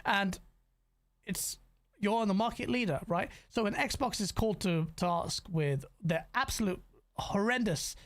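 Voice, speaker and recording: A man hosting a gaming podcast in casual chat, ranting in an animated way, swearing freely and stumbling over restarts. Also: high voice, unhurried.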